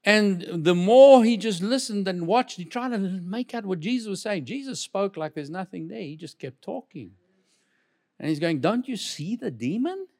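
A man pastor preaching a sermon in church, with lively delivery, frequent asides and repeated words. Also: sits high.

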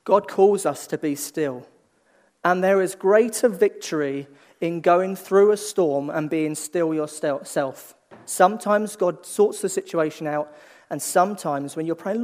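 A high-voiced man preaches in a conversational way, his lively emphasis falling away into hushed, slow passages. Frequent restarted phrases show him thinking aloud.

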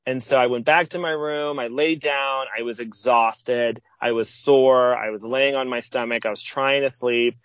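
A man of medium pitch tells a personal story in casual conversation. He acts out the lines people said, jumping up in pitch for them. The audio is dull and lo-fi, with a dry, close sound and no room echo. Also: moderate pace, few pauses, clean tone. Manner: lively, acts out quoted speech with sudden pitch jumps. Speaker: podcast guest.

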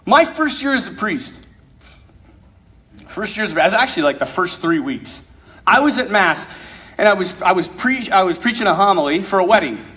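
A young man preaching as a priest, his voice sitting high for a man. He tells a story in a lively, joking way and acts out each person he quotes. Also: moderate pace, pauses often. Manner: animated, jokey storyteller who acts out quotes. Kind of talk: storytelling talk to young people.

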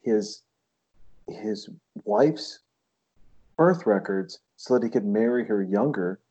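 A man with a low, dark, husky voice rambles through a casual podcast chat. The audio is dull and lo-fi. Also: animated, slow pace. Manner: rambling, slips into put-on voices.

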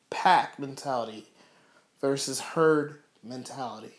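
This man's fervent sermon, full of rhetorical questions and repeated emphasis, ends with him leading a prayer. His voice is high and a bit bright at a normal pace, with a roomy echo around it.

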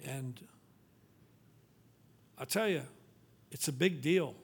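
A male pastor preaching a sermon, pleading with rhetorical questions, then dropping to a quiet, low tone for scripture readings. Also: takes it slowly, slightly rough.

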